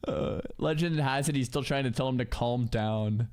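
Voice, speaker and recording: A man's voice: mid-range voice, flat delivery, unhurried. A young man streamer giving casual, laughing reaction commentary and often restarting his sentences.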